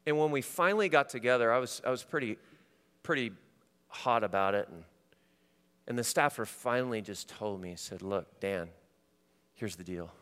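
Pastor preaching in a reverberant hall. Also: male voice, medium pitch, normal speed, clear, resonant tone. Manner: shifts from loud and animated to quiet and intimate. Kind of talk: sermon.

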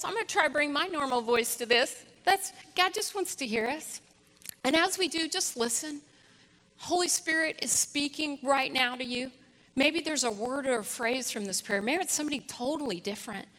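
Woman preacher, bright clear voice, earnest storytelling, long reverb from a church hall. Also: high-pitched. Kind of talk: sermon.

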